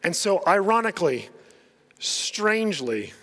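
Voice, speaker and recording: A man with a high, light voice preaching a sermon from the pulpit, chatty and quick to laugh, acting out what the people in the story say. The sound carries the long reverb of a big church hall. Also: sing-song, fairly bright tone. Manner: conversational, laughs often, acts out quotes. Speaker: pastor.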